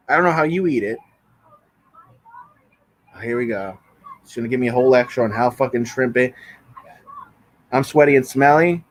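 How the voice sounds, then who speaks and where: A man livestreaming from his bedroom, casually arguing with viewers in chat and swearing often. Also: medium pitch. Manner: profane, bickering with chat. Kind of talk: casual live stream chat reading comments.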